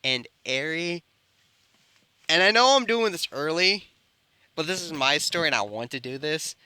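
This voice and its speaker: A man's voice: fairly high pitch, expressive, moderate pace, sharp tone, smooth, no room sound. A man improvising a fan-fiction story, rambling and often correcting himself. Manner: rambling, with frequent self-corrections. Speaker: storyteller and channel host.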